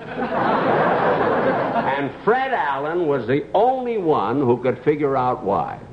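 An older man, a guest comedian, telling anecdotes on a talk show with a dry, measured delivery and pauses. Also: on the high side, big pitch swings, a loud crowd. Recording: dull old TV audio with hiss.

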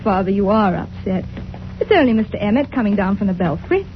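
An actress playing the vicar's earnest, soothing young daughter in a 1940s radio play, on a dull old recording. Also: female voice, medium pitch, animated, a little fast, a little hiss or hum, close to an everyday voice.

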